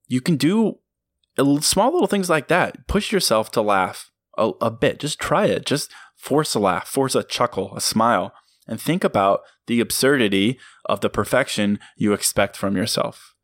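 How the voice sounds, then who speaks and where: A man's voice: medium pitch, expressive, moderate pace, a bit bright, dry recording. A man hosting a motivational solo podcast, talking earnestly and emphatically and breaking into laughs as he goes. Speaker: podcast host.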